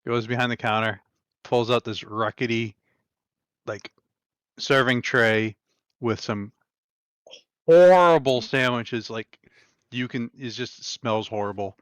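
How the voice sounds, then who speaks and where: A man's voice: medium pitch, takes it slowly, long pauses, fairly bright tone, clear, resonant tone, no echo. A man running a tabletop game as game master, narrating casually with many fillers.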